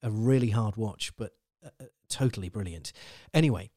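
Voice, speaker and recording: A man's voice: on the low side, brisk, mellow, no room sound. Effusive male podcast host, dry close sound. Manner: enthusiastic and effusive, heaps praise on guests. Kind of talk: casual chat and spoken links between clips.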